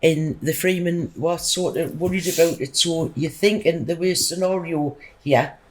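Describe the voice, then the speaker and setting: As a podcast guest, a middle-aged woman tells a rambling personal story in an emphatic, casual way. Her deep, slightly mellow voice moves at a measured pace, and the recording quality is rough.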